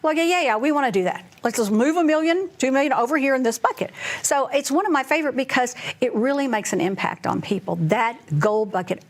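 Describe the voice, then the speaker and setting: A woman's voice: high voice, fast. A middle-aged woman, a financial advisor, chatting casually and acting out conversations with clients. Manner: animated storyteller, acts out client dialogue. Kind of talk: casual chat.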